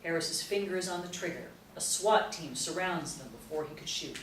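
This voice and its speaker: A woman narrates stage directions in a crisp, matter-of-fact way. Her voice is low for a woman. She is heard from a distance in a roomy space, with a faint hiss underneath. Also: normal speed. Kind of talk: screenplay table read narration.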